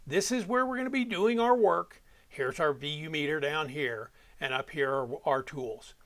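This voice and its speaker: A man giving a step-by-step software walkthrough as an audio production instructor, talking while he clicks. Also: fairly high pitch.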